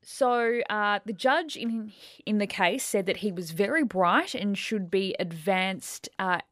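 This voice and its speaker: A woman's voice: medium pitch, lively intonation, slow pace, a bit bright, no room sound, studio quality. A woman co-hosting a podcast, telling a true crime story in a chatty, casual way.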